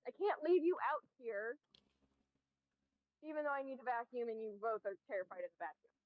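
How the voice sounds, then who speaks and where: A woman's voice: fairly high pitch, animated, brisk, dry recording. A woman streamer chatting casually outdoors on earbuds while scolding her dogs. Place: outdoors, on a walk. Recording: dull lo-fi sound.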